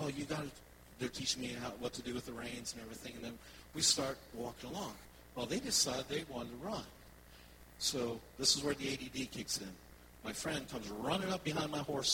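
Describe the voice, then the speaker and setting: A man, a worship pastor, preaching a sermon and telling personal stories in a conversational, animated way to his congregation. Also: mid-range voice, background noise.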